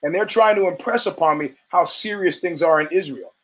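Profane storytelling man, slightly high voice. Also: fairly quick, a bit bright, rough recording. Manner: profane storytelling with acted-out quotes. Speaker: podcast host. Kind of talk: casual monologue.

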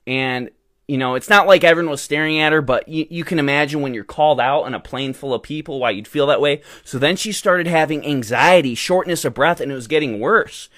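A man's voice: fairly high pitch, a little fast, fairly bright tone, dry recording. Indignant young man, dry close sound. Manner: indignant, ranting, rambling with many fillers. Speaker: podcast host. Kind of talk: casual storytelling monologue.

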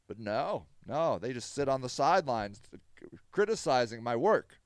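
A man's voice: medium pitch, very animated, normal speed, dry recording, studio quality. A man hosting a podcast, ranting angrily with heavy swearing and sarcasm while reading out and mocking news quotes. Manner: heated, profane, sarcastic. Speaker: podcast host running a tent shelter. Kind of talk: angry podcast rant.

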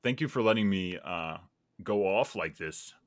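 A man's voice: sits low, animated, moderate pace, no room sound, clean studio sound. A man in casual podcast conversation, reflective and earnest, thinking aloud with many fillers. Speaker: podcast guest or host.

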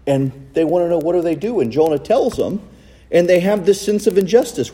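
A man preaching a sermon in a church, recorded on a cell phone, with animated delivery and rhetorical questions. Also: sits high, a little fast, slightly rough, long reverb tail. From United States. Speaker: pastor. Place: church sanctuary.

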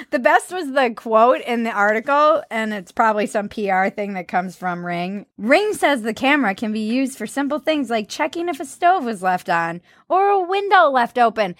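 A woman co-hosting a comedy podcast, chatting casually with a sarcastic, animated delivery and dropping into silly voices for jokes. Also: fairly high pitch, unhurried, no echo, studio quality.

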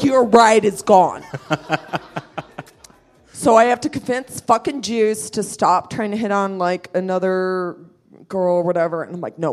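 Profane woman telling a wild story. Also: mid-range voice. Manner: profane, animated, acts out friends' voices. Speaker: storyteller guest. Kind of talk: live comedic storytelling. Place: live show venue.

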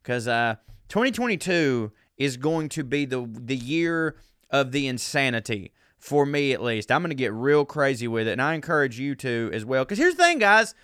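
A man's voice: medium pitch, normal speed, fairly bright tone, smooth, no echo, clean studio sound. A man from the South, hosting his podcast in a rambling, self-deprecating casual monologue and swearing freely. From American South. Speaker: podcast host.

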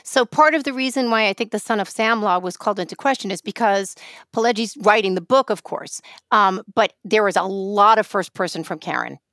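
A woman co-hosting a podcast, chatting casually in a halting way, with many fillers and restarts. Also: medium pitch, a bit bright, dry recording, studio quality. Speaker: podcast co-host. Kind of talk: casual chat.

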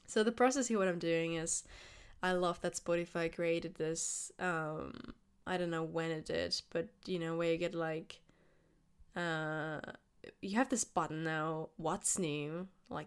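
A young woman hosting her podcast in casual, unedited talk, her voice hoarse and a bit raspy, chatty with many fillers and restarts. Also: fairly low pitch. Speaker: podcast host.

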